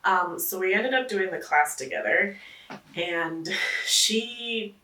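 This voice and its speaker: A woman's voice: mid-range voice, expressive, slow, sharp tone, slight background noise. A woman, a comedy producer and stand-up comedian, giving reflective interview answers with frequent fillers and restarts. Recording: echoey room, mic at a distance.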